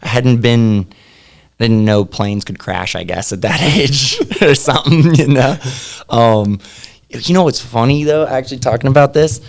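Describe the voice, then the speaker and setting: A young adult man appears as a podcast guest, chatting casually in a laid-back, rambling interview and laughing often. He speaks at a normal speed in a medium-pitched voice.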